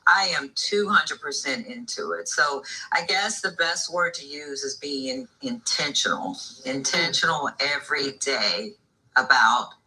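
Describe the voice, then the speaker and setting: A woman's voice: a bass voice, measured pace, pushed and bright, low-quality recording. A middle-aged woman, an author and guest on a show, talking earnestly and thoughtfully over a remote link. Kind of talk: casual interview talk. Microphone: remote video link.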